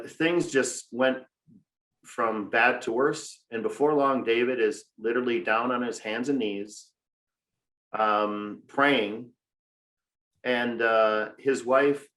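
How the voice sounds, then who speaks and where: A grieving father from Minnesota, telling his story in a podcast interview with measured, deliberate storytelling and frequent fillers. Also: mid-range voice, a bit bright. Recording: echoey room.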